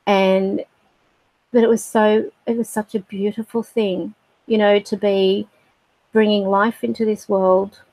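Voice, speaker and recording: A middle-aged woman telling a personal story on a livestream, halting and reflective with many fillers. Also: mid-range voice, flat delivery, dark tone, no room sound, poor audio. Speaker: spiritual livestream host.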